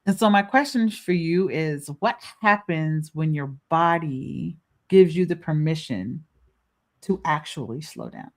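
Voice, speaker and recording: A woman hosting a reflective podcast conversation over a remote call, asking gentle, probing questions and laughing easily. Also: sits low, lively intonation, measured pace. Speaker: podcast host. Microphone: remote video call.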